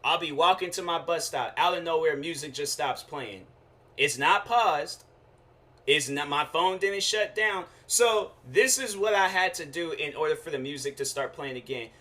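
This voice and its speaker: A young man hosting his own show, telling a casual slangy rant with lively quoted asides. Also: fairly high pitch, normal speed. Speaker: show host.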